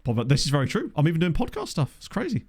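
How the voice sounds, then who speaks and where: A man's voice: fairly high pitch, wildly swooping pitch, very fast, a little mellow. A man casually commentating his football management game on stream, chatting with viewers and laughing often. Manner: chatty, reads chat aloud, laughs often.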